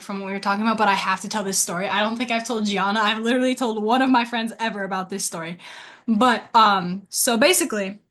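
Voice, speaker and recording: A teenage girl telling stories as a podcast co-host, chatty, with constant filler words and quick laughs. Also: on the high side, fairly bright tone. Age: teens. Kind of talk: casual storytelling.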